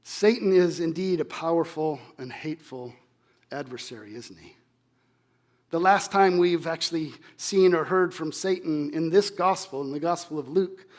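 A man preaching a sermon, dropping from loud emphasis to hushed tones. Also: on the high side. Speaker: pastor.

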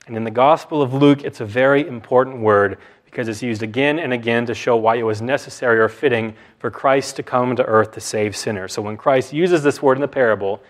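A man preaching an expository sermon, measured and deliberate, pausing for emphasis. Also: medium pitch.

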